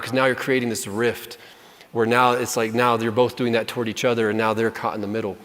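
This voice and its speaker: A man giving casual parenting advice to an audience in a relaxed, self-deprecating way, slipping into quoted voices as he talks. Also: medium pitch. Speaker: marriage and parenting speaker. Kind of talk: casual talk answering audience questions. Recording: long hall reverb.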